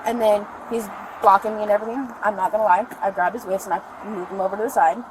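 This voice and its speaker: A woman's voice: medium pitch, fairly even intonation, fast talker. Rambling woman on a noisy body cam. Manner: rambling, breathless retelling. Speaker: arrested mother. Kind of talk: recounting events to police. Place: outdoors by a store parking lot. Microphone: police body camera.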